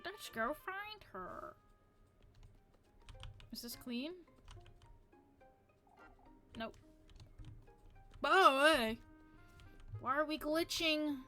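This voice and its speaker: A woman streamer giving chatty, excitable commentary while playing a game. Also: high-pitched, extremely slow, pauses often. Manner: excitable, chatty, reacts loudly. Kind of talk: casual game-play commentary. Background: faint game music.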